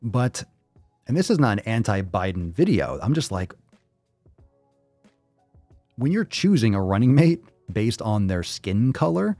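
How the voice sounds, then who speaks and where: Male host, casual profane commentary, emphatic repeats; dark warm tone, dry close recording. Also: fairly low pitch, big pitch swings, a little slow, long pauses, dry recording, soft background music. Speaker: podcast host.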